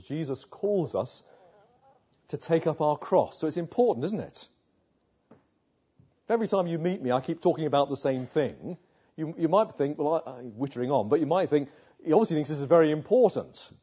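Earnest preacher, muffled recording. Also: male voice, a little high, animated, normal speed, dark tone, husky. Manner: earnest, rhetorical questions, builds to emphatic passages. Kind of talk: sermon. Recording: muffled lo-fi sound.

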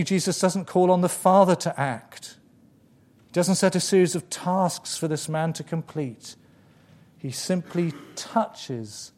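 A man preaching a sermon, emphatic, with dramatic pauses and repeated phrases. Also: on the high side, a little mellow.

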